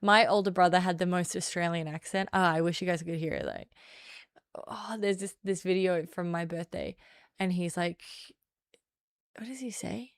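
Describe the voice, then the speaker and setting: A woman's voice: on the low side, moderate pace, dry recording, clean studio sound. A young woman streaming, chatting casually in a playful, self-mocking way. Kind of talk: casual live-stream chat.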